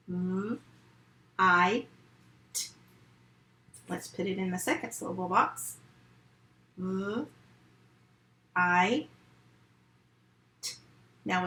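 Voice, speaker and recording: A woman's voice: mid-range voice, fairly bright tone, echoey room, rough recording. A woman teaching a remote phonics lesson to first graders, walking through each sound and word step by step with patience. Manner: slow, patient step-by-step instruction.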